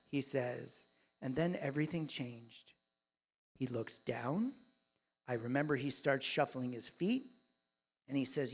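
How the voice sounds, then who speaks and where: A man giving a keynote talk on a live conference stage, telling a story with dramatic swings between loud and hushed delivery. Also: medium pitch, lively intonation, unhurried, pauses often. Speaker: dentist and coach, keynote speaker.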